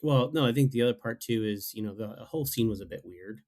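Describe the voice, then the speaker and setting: A man's voice: fairly low pitch, fast, darkish tone. A man appearing as a podcast guest, chatting casually with hesitant restarts. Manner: hesitant, repeats words while thinking. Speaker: guest, former reality show contestant. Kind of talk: casual chat.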